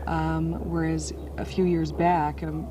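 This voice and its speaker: A woman's voice: low-pitched, little pitch movement, slow. A young adult woman answering interview questions in a candid, matter-of-fact way. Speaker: interviewee, adopted daughter. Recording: distant mic with noticeable background noise.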